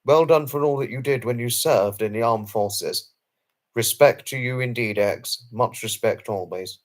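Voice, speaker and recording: A man's voice: mid-range voice, a little slow. A man hosting a late-night live stream and answering viewers' chat messages. He talks in an effusive, formal and earnest way, often repeating himself and apologizing. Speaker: livestream host.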